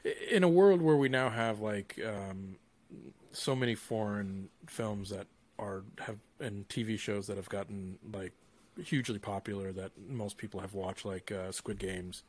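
A young man in casual conversation who stops and restarts as he hunts for the right word. His voice sits a little low. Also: a little mellow. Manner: halting, searches for words. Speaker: co-host. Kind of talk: casual trailer reaction chat.

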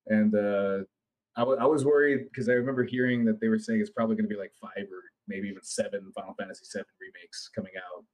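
A man co-hosting a gaming podcast in casual chat, rambling and excitable, swearing freely. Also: lowish voice, fast talker, rough recording. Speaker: podcast co-host.

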